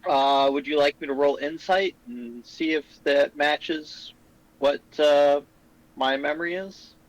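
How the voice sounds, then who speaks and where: A male player speaks in polite, formal requests as his character. His voice sits a little high, and the recording is dry with no room sound. The faint sense of a tabletop session runs through it. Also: steady tone, takes it slowly, no room sound, highs cut off. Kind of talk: tabletop role-play.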